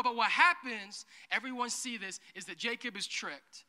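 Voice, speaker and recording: A high-pitched, very bright-voiced man gives a playful, joking sermon as a pastor. He keeps slipping into quick acted-out asides, and his voice rings with long reverb from a church hall. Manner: playful, jokey, acts out characters in quick asides. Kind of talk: humorous sermon.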